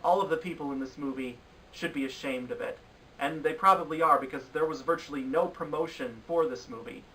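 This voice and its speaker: A man rants through a countdown of bad films with exasperated disbelief. His voice is bright and cutting and sits a little high. He sounds a bit away from the mic. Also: a little fast, recorded from a distance, slight background noise, low-quality recording. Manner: exasperated, ranting critique. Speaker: film reviewer. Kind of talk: opinionated film review countdown.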